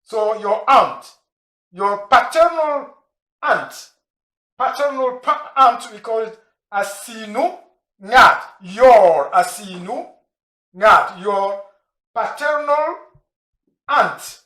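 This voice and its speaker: A man teaching a language lesson, going slowly through words and repeating them, with pauses and restarts. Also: sits high, lively intonation, pushed and bright. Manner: slow, repeats and spells out words; frequent restarts and fillers. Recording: echoey room.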